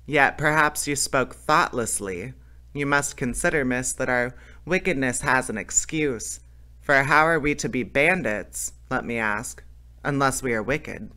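A man's voice: mid-range voice, measured pace, sharp tone. A man voicing a proud, polite, theatrical male bandit leader who speaks in a courtly, grand way. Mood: pleading.

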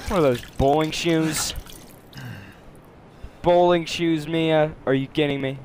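A man's voice: on the high side, measured pace, pauses often, a little hiss or hum. A young man giving casual, jokey commentary while playing a horror game, often yelping and shrieking when scared. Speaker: let's play gamer.

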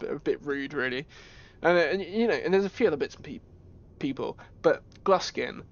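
A man streaming a horror game, talking in a jokey, excitable way with yelps and laughs. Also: fairly high pitch, lo-fi sound. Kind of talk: gaming commentary.

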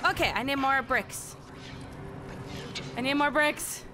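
A woman with a high voice talks through a horror game, audibly frightened, swearing and repeating herself. Loud noise and game sound sit under her voice. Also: slow. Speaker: gamer. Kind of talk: horror game let's-play commentary. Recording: noisy with game sound behind.

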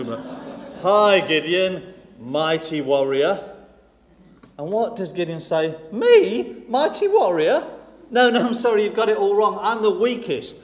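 A man preaching a sermon in a conversational, animated way, acting out the lines of Bible characters as he goes. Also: a little high. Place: church hall. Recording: long hall reverb.

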